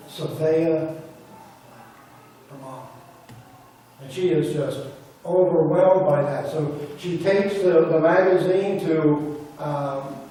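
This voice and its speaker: A man's voice: on the high side, warm tone, slight background noise. A man preaching a sermon, retelling a story and quoting the people in it. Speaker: pastor. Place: church sanctuary. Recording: roomy church audio from a distance.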